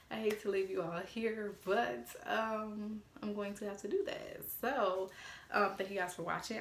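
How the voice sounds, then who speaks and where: A woman's voice: medium pitch, reverberant. A woman in her twenties telling a casual storytime vlog, blunt and sassy and swearing freely. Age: 20s. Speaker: storytime vlogger.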